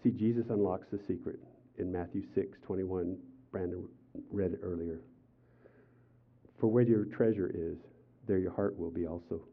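An older man preaching a sermon as pastor, telling personal stories with animated, acted-out quotes. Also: sits low, normal speed, gravelly. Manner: animated storytelling, acts out quotes with raised voice. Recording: tinny phone-like sound.

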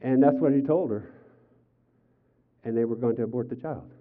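An older male pastor delivers a sermon, swinging from loud, acted-out quotes to quiet, earnest appeals. The sound is thin and tinny, like a phone line. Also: mid-range voice, normal speed. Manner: animated storytelling, acts out quotes with raised voice. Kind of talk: sermon with personal stories.

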